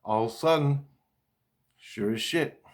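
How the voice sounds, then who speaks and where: A man's voice: medium pitch, a little slow. A man in a rambling personal monologue, agitated and swearing constantly as he talks. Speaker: vlogger.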